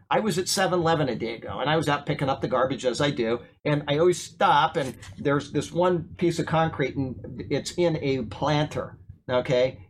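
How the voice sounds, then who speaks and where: Preaching informally, this pastor weaves in a story and puts questions to the room, doubling up words as his excitement builds. His voice is on the high side, and there's a little hiss or hum in the recording.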